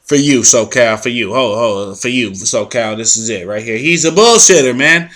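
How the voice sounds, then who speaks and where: Bright-voiced man ranting in slang. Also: medium pitch, normal speed. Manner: profane, animated, confrontational street slang. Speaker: commentary vlog host. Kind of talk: ranting news commentary.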